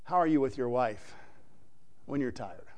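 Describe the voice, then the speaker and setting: A man's voice: medium pitch, animated, unhurried, a little mellow. A man preaching a sermon, explaining scripture in a conversational way and asking the audience questions.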